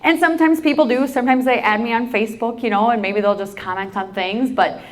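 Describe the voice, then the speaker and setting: A woman's voice: on the high side, fast. A woman from South Dakota, an agriculture advocate, giving a storytelling keynote talk with playful asides to the audience.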